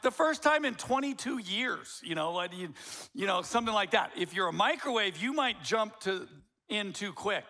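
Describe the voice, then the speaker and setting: A middle-aged man gives a sermon as pastor, lively and acting out quoted voices. He speaks in a high voice at a moderate pace.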